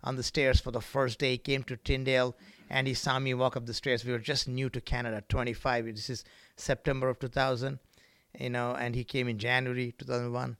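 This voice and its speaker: A middle-aged man from India preaching a sermon as a guest pastor, moving from quiet reflection to loud, emphatic bursts with rhythmic repetition. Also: medium pitch, little pitch movement, a little fast, clean tone, no echo, studio quality. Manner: repetitive, rhythmic preaching with frequent "right?" and "amen?".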